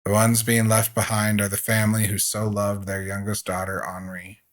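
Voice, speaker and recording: Male gaming host, low voice, slow measured read-aloud of game story text. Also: completely flat delivery.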